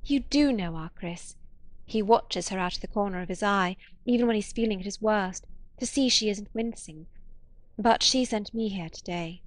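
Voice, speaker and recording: A woman's voice: mid-range voice, normal speed, close to an everyday voice. A woman voicing a weary, tender, working-class middle-aged woman who speaks timidly and earnestly in an audiobook. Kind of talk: audiobook character reading.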